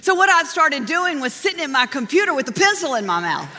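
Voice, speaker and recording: A middle-aged woman pastor preaching a sermon, telling personal stories in an animated way and laughing often. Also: high voice, brisk, slight background noise. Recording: long reverb of a large hall.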